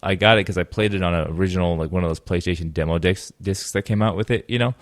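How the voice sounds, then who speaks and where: A man's voice: low voice, fast talker, dry recording, studio quality. A man hosting a gaming podcast, chatting casually with many fillers and laughs. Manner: rambling, filler-heavy, laughs often. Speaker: podcast host. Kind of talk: casual chat.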